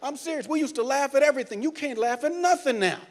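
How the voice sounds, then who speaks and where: A man working as a cruise director, doing stand-up comedy on a ship's stage and teasing the crowd loudly. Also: very high-pitched, lively intonation, fast. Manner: loud, teasing crowd banter. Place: cruise ship theater.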